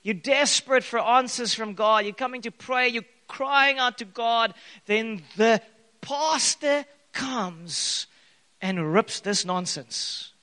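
A man preaching a sermon in an animated way, his voice echoing in a church hall. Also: very high voice, slow pace. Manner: animated preaching with bursts of loud acted quotes. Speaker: pastor. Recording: long hall reverb.

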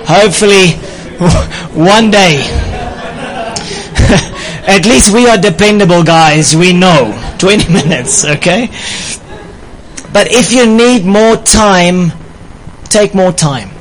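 Playful preacher man, slightly high voice. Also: takes it slowly, long pauses, poor audio. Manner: playful, laughing with a live audience. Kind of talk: sermon on marriage.

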